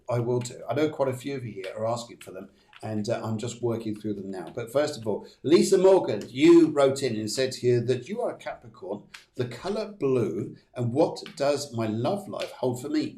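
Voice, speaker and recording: Rambling, upbeat psychic host. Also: male voice, medium pitch, mellow, echoey room. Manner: rambling, many fillers and restarts, chatty and upbeat. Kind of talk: live-streamed card readings.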